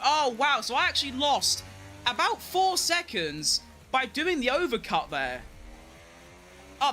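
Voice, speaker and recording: A man giving excitable, self-mocking live commentary while playing a racing game, talking to himself as he drives. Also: extremely high pitch, slight background noise. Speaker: gaming streamer.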